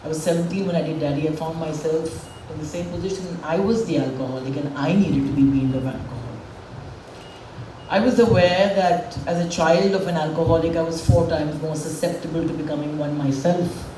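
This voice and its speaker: A woman's voice: sits low, fairly quick, noisy background. A woman in her forties giving a candid, emotional personal speech at a public event. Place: event hall with a stage. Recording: echoey hall, voice from far off.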